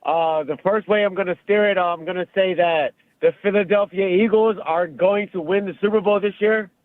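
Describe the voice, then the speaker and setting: A man's voice: high-pitched, fairly even intonation, brisk, dry recording. Male caller on a tinny phone line. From Maryland. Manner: casual, hesitant with fillers, making bold predictions.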